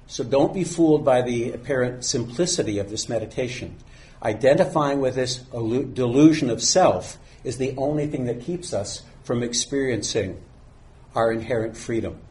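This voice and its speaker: A man calmly giving a dharma talk as a meditation teacher, speaking unhurriedly. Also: mid-range voice. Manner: calm, unhurried, reads a teaching poem slowly.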